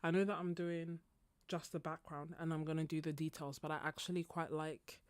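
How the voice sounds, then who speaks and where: A woman hosting a casual live painting stream, chatting with viewers and laughing often, her throat slightly husky. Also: low-pitched, little pitch movement, a little fast, no echo. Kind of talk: casual chat while painting.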